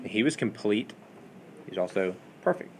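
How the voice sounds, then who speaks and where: A man's voice: lowish voice, animated, normal speed, slight background noise. A man teaching a Bible study class in a classroom, lecturing in a conversational way and asking the students questions, with many fillers.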